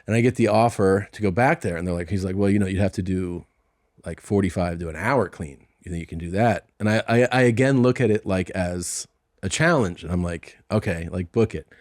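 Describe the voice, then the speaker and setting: In a deep, somewhat mellow voice at a fairly quick pace, a middle-aged comedian hosting a podcast recounts a story casually and performs the dialogue of its characters. Recorded on a studio microphone in a podcast studio, the sound is clean with no room noise.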